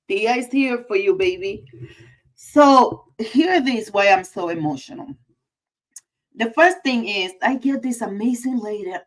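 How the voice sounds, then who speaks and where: A woman's voice: mid-range voice, low-quality recording. A woman hosting a casual livestream, effusive and emotional, repeating her greetings. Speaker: livestream host.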